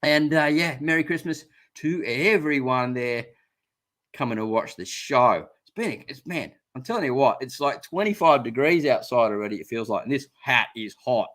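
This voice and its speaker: A man's voice: medium pitch, lively intonation, moderate pace, fairly bright tone. Chatty Australian man on a live stream. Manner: chatty, rambling, laughs often. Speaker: gardening channel host. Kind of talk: casual live stream chat.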